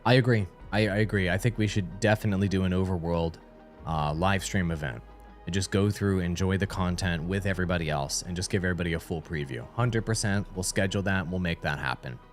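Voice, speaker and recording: A man's voice: sits low, fast, faint music behind. Hyped goofy male livestream host. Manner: loud, goofy, mock-excited. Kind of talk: hyped joking livestream banter.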